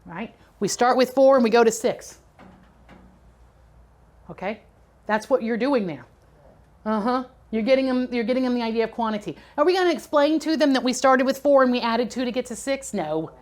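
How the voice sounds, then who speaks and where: Middle-aged woman teaching a training class, kinda high voice, chatty, keeps asking okay? right?. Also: expressive, normal speed. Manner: conversational, checks in with "okay?" and "right?".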